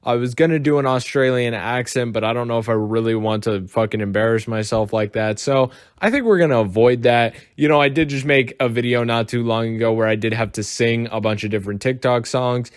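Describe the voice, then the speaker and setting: A man's voice: medium pitch, brisk, few pauses, clear, resonant tone, dry recording, studio quality. A man from the United States giving casual, rambling reaction commentary and swearing freely. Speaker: commentary YouTuber.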